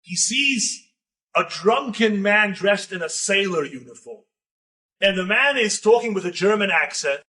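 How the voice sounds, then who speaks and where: A man, a rabbi, telling a story in a lecture with animated, building drama. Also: sits high, unhurried, distant mic.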